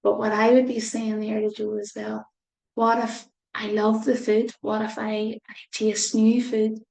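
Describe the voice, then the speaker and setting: A woman reading a storybook aloud to children as a mindset teacher. She talks gently and pauses often to explain and reflect. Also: a little high, flat delivery, gravelly. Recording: roomy echo.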